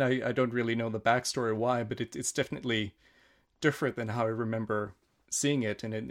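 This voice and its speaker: A man in a conversational discussion about films, speaking thoughtfully and hesitantly with fillers. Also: medium pitch.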